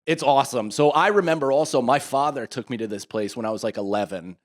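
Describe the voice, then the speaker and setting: Guy on a podcast just chatting, 30s, all over the place w/ restarts, gets worked up telling a story, mid pitch. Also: quick pace. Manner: rambling, animated storyteller with many restarts. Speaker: podcast co-host. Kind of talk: casual chat.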